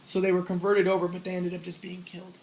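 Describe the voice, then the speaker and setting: A man's voice: high voice, monotone, fast, a little hiss or hum, poor audio. A man giving a casual spoken lecture on religion, rambling as he explains and acting out the lines he quotes.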